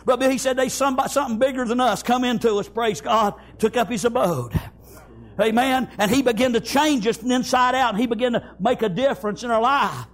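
A man preaching a fiery sermon, shouting in bursts and repeating "praise God" and "amen". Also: very high voice, fairly quick.

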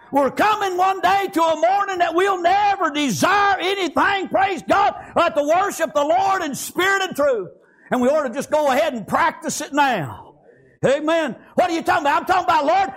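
With a very high voice, this preacher delivers a fervent sermon. He shouts at times and plugs each gap with "amen" and "praise God."

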